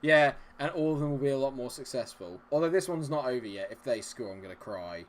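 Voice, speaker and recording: A young adult man hosting a live gameplay stream, chatting with viewers and cheering loudly at the game. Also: medium pitch, lively intonation, fairly quick, few pauses. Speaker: gaming livestream host. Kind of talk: live gameplay commentary and chat reading.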